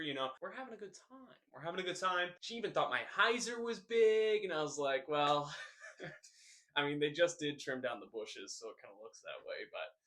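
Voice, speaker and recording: A young man hosts a scripted news recap, slipping deadpan jokes between the items. His voice is bright and sits a little high, and his delivery is casual and comic. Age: young adult. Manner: deadpan jokey delivery, rambling tall tale. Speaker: host.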